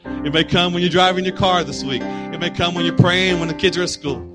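Man, pastor, sermon, animated storytelling, slightly high pitch, faint background music. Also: a little fast. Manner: storytelling preacher, animated and humorous.

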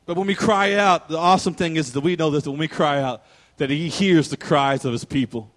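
A man's voice: a little high, brisk. A man preaching a sermon as pastor, emotional and rising to fervent preaching.

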